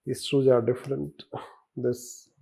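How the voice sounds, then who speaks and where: Gravelly Indian man lecturing loosely. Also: medium pitch, level tone, slow pace, warm tone. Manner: rambling, loose lecturing with asides and trailing sentences. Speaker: teacher. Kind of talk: classroom lecture.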